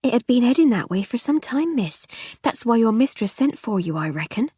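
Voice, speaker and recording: A woman's voice: fairly high pitch, very animated, a little fast, warm tone, breathy edge, no echo, studio quality, pitched above the performer's own voice. Woman doing a chatty young housemaid. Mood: confiding.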